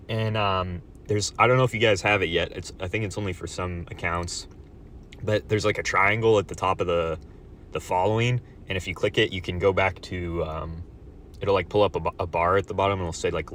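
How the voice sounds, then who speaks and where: A man in a profane solo vlog rant, swinging between loud outbursts and low muttered asides. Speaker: vlogger.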